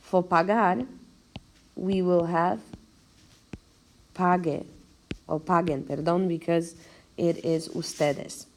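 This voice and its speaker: A woman's voice: fairly low pitch, fairly even intonation, darkish tone, a little hiss or hum. A woman teacher giving a recorded video lecture, explaining step by step and counting out syllables with care. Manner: slow, careful explanation, spelling out syllables. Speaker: language teacher.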